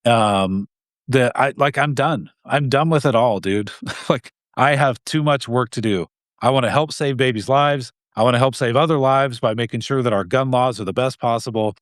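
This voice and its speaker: Speaking at a moderate pace and a middle pitch, the guest—an Idaho gun rights group president—gets earnest and heated in casual interview talk. He keeps breaking off to restart his sentences, adds short laughs, and the room is dry without echo.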